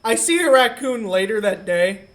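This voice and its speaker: Profane, animated woman telling a story. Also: fairly high pitch, moderate pace. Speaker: podcast co-host. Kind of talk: casual comedic storytelling.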